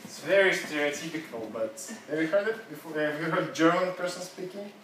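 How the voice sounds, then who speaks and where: A man teaching an English seminar in a chatty, laughing, halting way. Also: a little high, expressive, fairly bright tone, a little hiss or hum. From Russia. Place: classroom. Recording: roomy classroom, mic far off.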